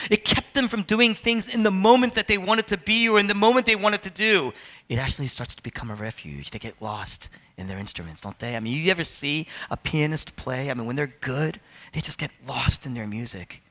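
A man's voice: fairly high pitch, expressive, normal speed, pushed and bright. A man in his thirties preaching a sermon, firing rhetorical questions and acting out complaints in other voices. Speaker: pastor.

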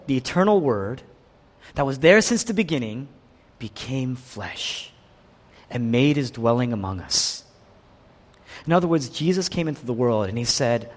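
A man preaching a sermon, animated, swinging between loud emphatic lines and hushed, slow ones. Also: mid-range voice. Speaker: pastor. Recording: long hall reverb.

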